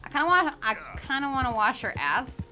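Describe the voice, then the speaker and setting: A woman's voice: high-pitched, very animated, fairly quick, music in the background. A woman streaming a game in casual chat, greeting viewers by name and laughing often. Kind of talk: casual livestream chat while gaming.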